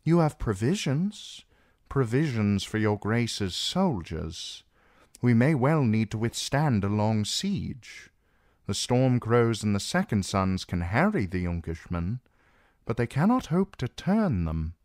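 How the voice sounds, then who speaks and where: A man's voice: on the low side, big pitch swings, slow, darkish tone, no room sound, clean studio sound, pitched above the performer's own voice. A man playing a grave old knight. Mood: worried. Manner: grave, formal. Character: older male knight, loyal and cautious.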